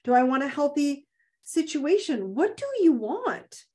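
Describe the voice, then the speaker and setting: Woman host, slightly high pitch, coaching a video-call group with blunt, emphatic, repetitive delivery. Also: very animated, unhurried, mellow. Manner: emphatic, repeats phrases, blunt and casual. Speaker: host of an online self-help group. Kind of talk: live motivational coaching talk.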